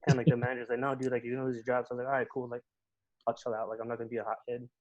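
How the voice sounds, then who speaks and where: A young man telling a story in casual chat on a podcast, animated and swearing a lot. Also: mid-range voice, very fast, muffled recording. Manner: animated, swears often, says "bro" and "dude". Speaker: podcast guest.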